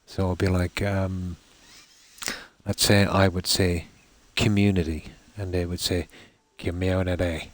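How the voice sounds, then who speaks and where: Deep-voiced Irish Midlands man, rambling. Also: completely flat delivery, a little slow, no room sound. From Ireland. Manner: rambling, many fillers and "let's say". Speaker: streamer. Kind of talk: casual chat with viewers while gaming.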